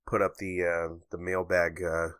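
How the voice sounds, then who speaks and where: A man's voice: low-pitched, flat delivery, moderate pace, fairly bright tone, smooth, no room sound. A man co-hosting a casual podcast, who throws in dry, teasing wisecracks. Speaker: podcast co-host.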